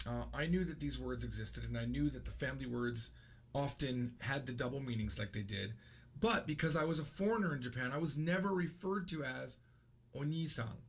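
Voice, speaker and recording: A man's voice: on the high side, breathy edge. A man in his thirties giving a casual, rambling video lesson and correcting himself as he goes. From United States. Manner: chatty, rambling, self-correcting. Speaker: language teacher.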